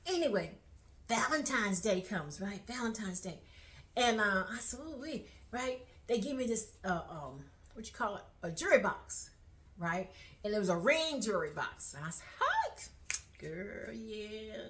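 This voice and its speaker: A woman telling a story to her viewers in a casual vlog. She is animated and laughs often as she talks. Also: medium pitch, moderate pace. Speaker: vlogger.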